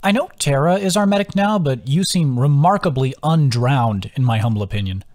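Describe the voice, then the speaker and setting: A man's voice: medium pitch, lively intonation, fairly quick, a little mellow, pitched above the performer's own voice, natural voice. A man voicing a worried young male companion who talks bluntly and swears freely. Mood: exasperated.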